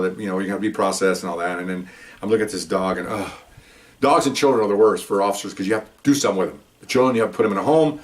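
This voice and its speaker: An older man, a retired police officer, telling stories in a casual, rambling way with frequent restarts and asides. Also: on the low side. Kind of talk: casual anecdotal storytelling.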